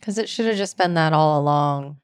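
A young woman co-hosting a podcast, reacting in casual chat with animated laughs. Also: sits low, fairly quick, clean tone, no room sound, studio quality. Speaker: podcast co-host.

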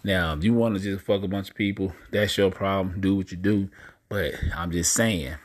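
Blunt, deep-voiced podcast host. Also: male voice, little pitch movement, fairly quick. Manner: blunt, profane, preachy asides to listeners. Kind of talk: casual monologue.

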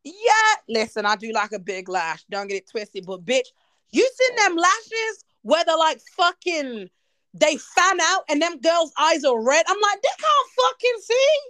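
A woman's voice: high voice, unhurried, dry recording, clean studio sound. A woman hosting a podcast, chatting casually and teasing her guests with plenty of swearing. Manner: animated, profane, teasing. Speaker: podcast host. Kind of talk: casual chat.

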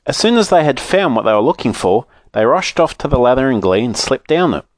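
A man reading a children's storybook aloud in an expressive, animated way. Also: mid-range voice, fairly quick, no echo, clean studio sound.

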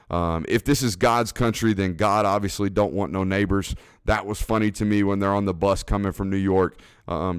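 A man's voice: low voice, smooth, no room sound, clean studio sound. A man hosting a casual podcast chat, laid-back, with lots of fillers and frequent laughter. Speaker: podcast host.

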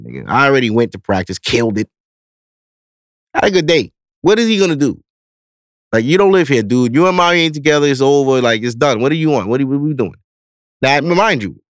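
A man's voice: medium pitch, dry recording, clean studio sound. A man in his thirties hosting a podcast, telling stories in a casual, profane, laughing way. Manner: profane, lively, laughing storyteller. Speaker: podcast host. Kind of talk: casual storytelling.

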